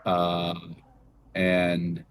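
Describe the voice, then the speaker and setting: A young man from Massachusetts co-hosting a casual gaming podcast, rambling and swearing freely, jumping into animated voices when he retells conversations. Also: deep voice, drawn-out words, a little hiss or hum. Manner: rambling, profane, animated in retold dialogue. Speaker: podcast co-host.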